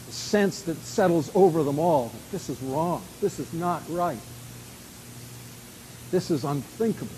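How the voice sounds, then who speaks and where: A male preacher with a fairly high voice, delivering an expository sermon. He speaks emphatically and swings between hushed, quiet passages and loud, forceful stretches. A faint hiss sits under the voice. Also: poor audio. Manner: emphatic, with dramatic swings in loudness.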